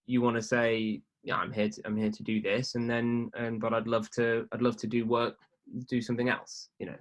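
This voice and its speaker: A man, a filmmaker guest on a podcast, chatting casually in a relaxed, hesitant way with frequent fillers and restarts. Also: mid-range voice, moderate pace.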